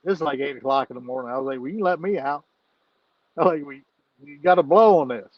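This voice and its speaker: A man's voice: mid-range voice, fast talker, no room sound, lo-fi sound. Man, podcast guest, casual storytelling, frequent laughs, profane, dry close sound. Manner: laughs often while telling stories, swears freely.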